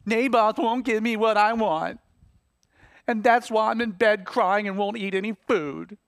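A man doing a petulant, self-pitying king, whining in a high, lively voice. He is heard dry and close. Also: unhurried, no echo. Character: whiny, sulking king, man.

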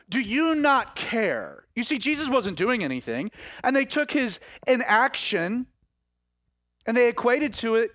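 A man preaching a sermon in an animated way, acting out the voices he quotes. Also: very high voice, no room sound, clean studio sound.

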